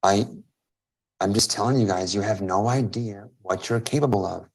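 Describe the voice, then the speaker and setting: A man's voice: lowish voice, moderate pace, gravelly, slightly rough. Emphatic man hosting a live coaching stream. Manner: emphatic, repeats phrases for stress. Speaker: host and business coach.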